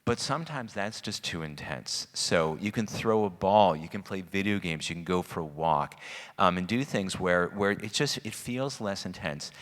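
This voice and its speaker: A middle-aged man with a notably deep voice talks to a room of parents in a loose, chatty way. He is animated and a little manic, and his voice carries a long hall echo. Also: moderate pace. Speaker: guest speaker on student stress. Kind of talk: informal parent-talk Q&A.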